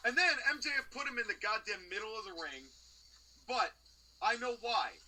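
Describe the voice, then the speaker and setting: A man co-hosting a wrestling review podcast, telling the story of a match in an opinionated, animated way. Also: sits high, moderate pace, rough recording. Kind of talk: casual review chat.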